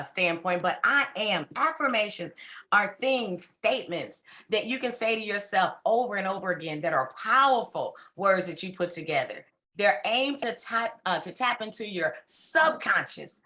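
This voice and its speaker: A woman's voice: medium pitch, sharp tone. A woman giving a fervent, preacher-like motivational talk, coaxing listeners on a video call. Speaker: speaker at a women's symposium.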